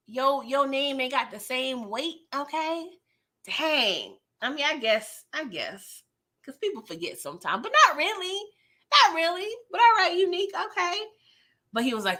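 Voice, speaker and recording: Bright, animated woman recapping a show. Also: high-pitched, unhurried. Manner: animated, laughing, slangy, retells scenes in quoted voices. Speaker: YouTube show recap host. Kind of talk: casual live TV recap.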